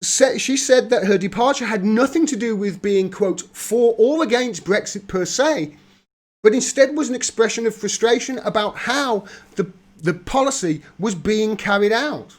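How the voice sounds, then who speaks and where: A man reads political news aloud in a fairly high voice. He keeps stopping to mock what he reads with a laugh and a wry aside. It sounds like a host talking through a livestream. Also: expressive, normal speed. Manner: mocking, laughs often, reads then riffs. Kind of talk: reading news aloud with sarcastic commentary.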